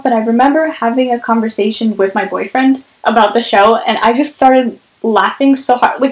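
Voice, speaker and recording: A woman's voice: a little high, roomy sound, rough recording. A young woman reviewing a podcast in a casual home vlog, chatty and giggly, with lots of fillers and restarts. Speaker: book vlogger.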